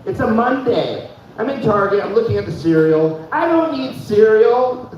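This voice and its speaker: Here a Fargo, North Dakota comedian delivers a very animated stand-up set at normal speed, his high voice bouncing around the room. Casual throughout, he keeps saying "dude" and laughing at his own material. A distant mic gives a dull, echoey sound with a bit of hiss or hum.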